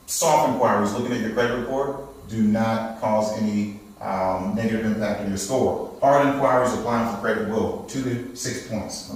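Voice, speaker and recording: A man teaching a live credit repair class, checking in with the audience after nearly every point. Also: mid-range voice. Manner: checks in with frequent "okay?" and "all right?". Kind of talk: live seminar lecture. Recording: very echoey room, from far off.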